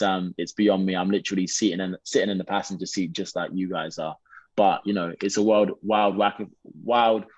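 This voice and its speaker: A man from England with a low, deep voice talks in a put-on American accent. He answers questions in a loose, rambling way. The sound is dry and slightly muffled. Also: no room sound. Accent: American (put on, Detroit-leaning). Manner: relaxed, rambling with many fillers and restarts. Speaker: actor, interview guest. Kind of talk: casual interview answers.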